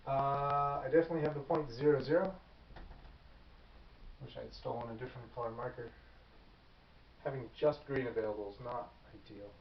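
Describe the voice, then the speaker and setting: A man's voice: mid-range voice, slight background noise. A man teaching math at a whiteboard, talking casually and thinking aloud as he works, correcting himself along the way. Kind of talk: whiteboard lecture. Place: classroom. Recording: echoey classroom, far from the mic, dull.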